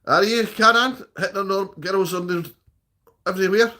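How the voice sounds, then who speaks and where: A man's voice: high-pitched, normal speed, sharp tone. A Scottish man chatting casually on a live stream, reading out viewer comments and answering them. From Scotland.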